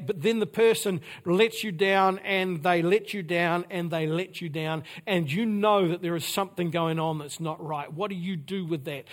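A man preaching a sermon, repeating phrases for emphasis and dropping suddenly to a quiet voice. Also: sits high. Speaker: pastor.

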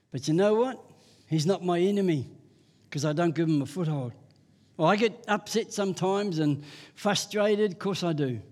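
A man's voice: high-pitched, a little mellow. A man preaching a sermon. He mixes scripture with homespun personal stories and often chuckles at his own tales. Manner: folksy storytelling, chuckling at himself.

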